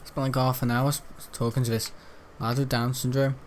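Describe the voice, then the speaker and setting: A man's voice: mid-range voice, little pitch movement, a little fast, slight background noise. A young British man rambling casually as he hosts a gameplay video, chatty and meandering, full of fillers and self-corrections. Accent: British English. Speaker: gaming channel host.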